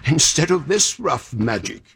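An actor playing a kindly, fussy old magician in a radio drama, chatty and musing, sighing and yawning, with a breathy, husky voice. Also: male voice, a little high, sing-song, unhurried, a bit bright, full character voice. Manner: chatty and musing, with sighs and yawns.

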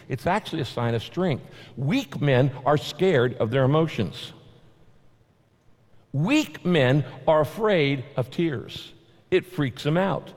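A male pastor preaching a sermon, emphatic and repetitive, his voice rising sharply on key points. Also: a little high. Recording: long hall reverb.

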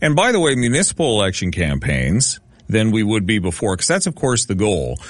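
Sardonic radio host, low voice. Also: male voice, big pitch swings, a little fast, no room sound. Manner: dry, sardonic. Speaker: radio talk show host. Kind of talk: talk radio commentary.

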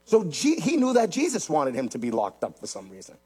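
A man's voice: a little high, wildly swooping pitch, fairly quick, a little mellow, husky. A man preaching a sermon, emphatic and repetitive, speaking straight to his congregation. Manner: emphatic, repeats phrases, addresses the congregation directly. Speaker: pastor.

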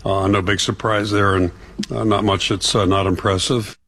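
A man speaking as a football head coach at a press conference, measured, halting and understated. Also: on the low side, little pitch movement, a bit bright, slightly rough.

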